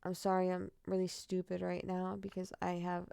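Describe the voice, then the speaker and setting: A woman's voice: fairly low pitch, monotone, moderate pace, vocal fry, warm tone, smooth, dry recording, studio quality. A woman telling true crime stories who rambles candidly and swears freely as she signs off casually. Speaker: true crime storyteller and streamer. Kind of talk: casual sign-off chat.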